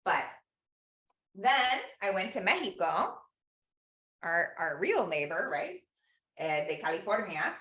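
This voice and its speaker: A woman's voice: on the low side, sing-song, slow pace, pauses often, pushed and bright. A woman teaching an online cooking class, telling stories and mixing in Spanish words as she cooks. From Los Angeles. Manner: chatty storyteller, mixes in Spanish words. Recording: echoey room.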